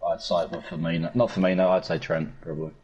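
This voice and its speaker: A man's voice: low-pitched, little pitch movement, quick pace, darkish tone, highs cut off. A man from Sussex with a southern English accent, blunt and opinionated, swearing constantly in casual gaming chat. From Sussex, England. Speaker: gamer in voice chat.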